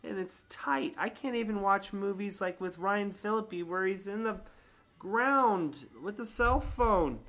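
A man in his thirties telling a story casually, animated and swearing, acting out quotes in a higher voice. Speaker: vlogger.

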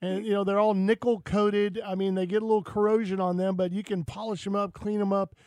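A man's voice: high voice, little pitch movement, fairly quick, a little mellow, no echo. A man hosting a casual radio chat, talking enthusiastically in a rambling way with many restarts. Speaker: radio host.

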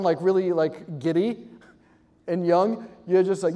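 A man giving an animated, joking talk to a live audience, acting out quick voices. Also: high voice, big-room sound. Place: large hall with audience.

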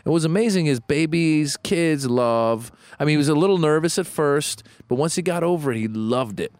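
A man's voice: a little high, moderate pace, no room sound. A man in his thirties chatting casually as a podcast co-host, acting out quotes as he tells stories. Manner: animated storyteller, acts out quotes. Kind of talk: casual chat.

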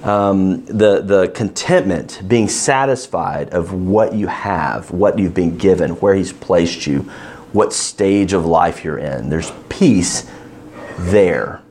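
A man leading an interactive Bible study, asking his class questions and stressing key words with animated emphasis. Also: low voice, slow, a little hiss or hum.

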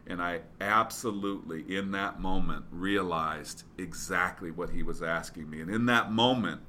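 Deep-voiced man telling a motivational story. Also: bright, forceful tone, a little hiss or hum. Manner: casual, rambling with fillers and restarts. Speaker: business speaker.

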